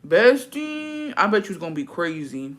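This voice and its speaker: A woman's voice: low-pitched, normal speed, sharp tone. A woman from chatting casually to her viewers, profane and dramatic, dropping Spanish phrases into her English. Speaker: vlogger. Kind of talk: casual chat to camera.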